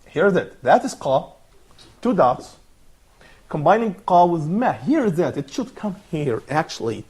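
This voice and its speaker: A man's voice: on the high side, sing-song, measured pace, darkish tone, slightly rough. A man teaching an online Arabic lesson, patient and encouraging, repeating words and praising his students.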